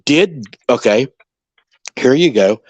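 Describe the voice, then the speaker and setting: A man hosting a podcast in casual conversation, musing out loud and acting out quoted lines as he speculates. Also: medium pitch, animated, slow, slightly rough. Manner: speculative, acts out quoted dialogue. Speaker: podcast host.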